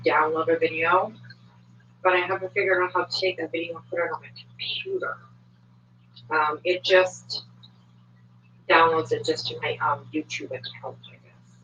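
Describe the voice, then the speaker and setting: A woman's voice: fairly low pitch, bright, forceful tone, a little hiss or hum. A woman hosting a casual livestream, chatty and swearing freely, with lots of fillers, talking from home at a desk microphone. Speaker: livestream commentator. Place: home, moves between desk and kitchen. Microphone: desk microphone, at times far from it. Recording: echoey, distant, dull home stream audio.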